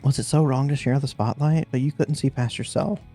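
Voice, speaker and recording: Guy voicing a regretful woman singer in a story game, mellow and earnest, soft music behind. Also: medium pitch, fairly even intonation, a little fast, close to an everyday voice. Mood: hurt. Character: regretful grown woman, a pop singer and sister. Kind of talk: voicing a story game's dialogue.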